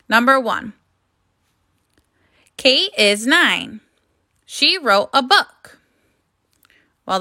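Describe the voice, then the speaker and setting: Teaching young kids phonics and grammar, a woman talks slowly and deliberately, encouraging them as a classroom teacher would. Her mid-range voice sounds pushed and bright.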